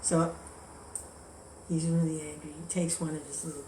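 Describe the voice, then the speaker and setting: Lower-voiced woman teaching a scripture class. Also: normal speed, a little hiss or hum. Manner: relaxed, chatty, animated storytelling. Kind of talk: devotional class with storytelling. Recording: echoey room with faint ambience.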